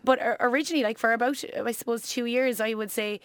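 Fast-talking chatty Irish woman. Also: fairly high pitch, fairly even intonation, smooth, no echo. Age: 20s. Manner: chatty, laughs often, quick rambling talk. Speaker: guest, life coach. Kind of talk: casual podcast chat.

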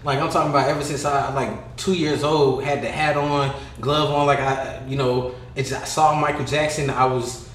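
A man talking in casual chat, loud and laughing as he teases his friend. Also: mid-range voice, fairly even intonation, normal speed, a little hiss or hum. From California. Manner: loud, laughing, mocking imitations. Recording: echoey room.

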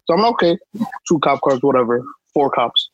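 Young New man, podcast co-host, husky and fairly high, emphatic street slang, dry close sound. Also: expressive, a little fast, dry recording, muffled recording. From New York. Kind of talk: casual storytelling chat.

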